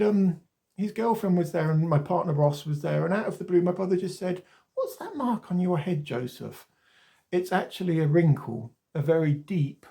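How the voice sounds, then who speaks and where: A man's voice: fairly high pitch, creaky, dark tone. A man, chatting casually to camera about skincare and often drifting off topic. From Wales. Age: 40s. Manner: chatty and rambling, wanders off topic, mild swearing. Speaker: skincare vlogger. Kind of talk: casual talking-to-camera demonstration.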